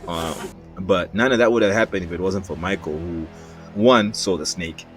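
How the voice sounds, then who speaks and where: A man telling a personal childhood story in a casual, lively way, acting out voices as he goes. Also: low-pitched, moderate pace. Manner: lively, acts out voices in his anecdotes. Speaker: storyteller, animator. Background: background music.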